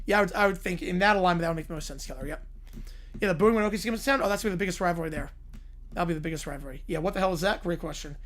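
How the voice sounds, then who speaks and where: A hoarse man streaming, giving quick offhand replies to chat in a casual Q&A. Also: high-pitched, a bit bright. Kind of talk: casual livestream Q&A.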